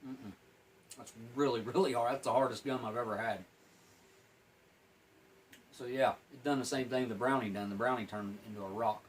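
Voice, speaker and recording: A man's voice: medium pitch, fairly even intonation, normal speed, pauses often, slight background noise, poor audio. A plain-spoken man giving a casual, rambling food review while eating and smoking, sometimes talking with his mouth full. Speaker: MRE reviewer.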